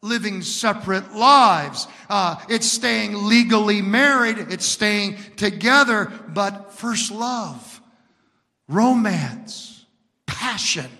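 A male pastor preaching an emphatic sermon built on repeated lines, moving from shouts down to hushed words. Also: high-pitched, in a large hall.

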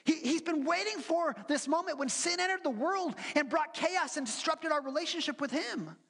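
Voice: sits high, expressive, normal speed, creaky, a bit bright. A pastor preaching a sermon in a church, earnest and teaching, with rhetorical questions and acted-out quotes. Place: church sanctuary. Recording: long hall reverb.

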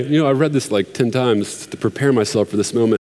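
A man's voice: medium pitch, fairly quick, darkish tone. Earnest man preaching in a reverberant hall. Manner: conversational, earnest, with fillers and restarts. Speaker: pastor. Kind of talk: sermon.

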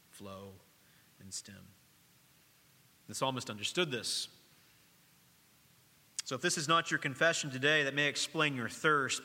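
A middle-aged man, a pastor preaching a sermon in a church, speaking earnestly, dropping to a hush and then rising to emphasis. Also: mid-range voice, long reverb tail. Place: church sanctuary during worship.

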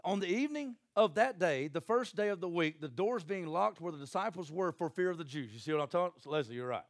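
A man's voice: high voice, expressive, fast talker, no room sound, studio quality. A man preaching a sermon, folksy and joking, acting out Bible scenes in little voices. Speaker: pastor.

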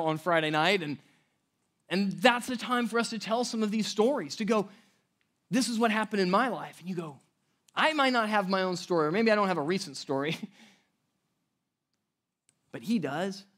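High-voiced man preaching casually. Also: a bit bright. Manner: conversational, laughing asides, repeats words. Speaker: pastor. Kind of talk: sermon.

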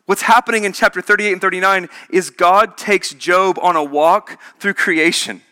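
A man's voice: high voice, moderate pace, few pauses, pushed and bright, clear, resonant tone. A man preaching a sermon in an emphatic, repetitive way, building each point through contrasts.

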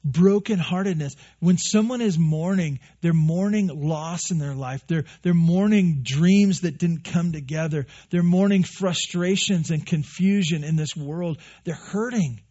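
Earnest preacher man, husky voice. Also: fairly high pitch, measured pace, hardly any pauses, warm tone, highs cut off. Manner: earnest, repeats phrases, acts out quoted listeners. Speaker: pastor. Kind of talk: sermon.

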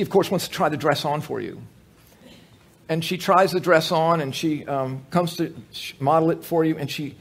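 Animated, husky-voiced male preacher. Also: on the high side. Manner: humorous, animated storytelling with many fillers. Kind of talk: sermon.

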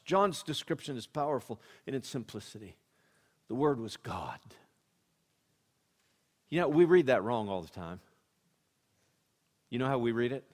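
A man preaching a sermon, dropping to a hushed storytelling voice and then rising to loud, emphatic proclamation, with slow, deliberate scripture reading. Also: mid-range voice. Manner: reads scripture slowly and deliberately.

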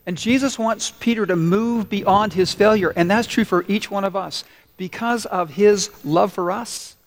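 A man preaching a sermon, telling a story earnestly and slowing down to stress key points. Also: high-pitched. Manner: earnest, storytelling, slows down for emphasis. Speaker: pastor.

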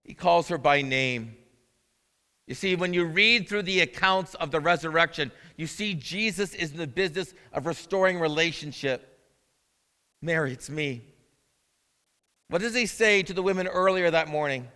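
Male pastor, high and bright, chatty preaching style, long echo of a big church hall. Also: normal speed, smooth. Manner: conversational preaching, asks the audience questions. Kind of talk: sermon. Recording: long reverb of a large hall.

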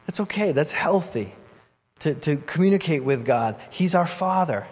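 A man preaching a sermon as pastor, conversational and animated, acting out voices in the story. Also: fairly high pitch, normal speed, slightly rough. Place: church hall. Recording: long hall reverb.

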